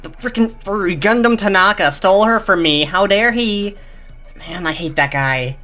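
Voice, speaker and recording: A man's voice: high voice, normal speed, pushed and bright, voice pushed up. Brief: male performer as a lovesick griping young mechanic, whiny and sulky, faint music bed.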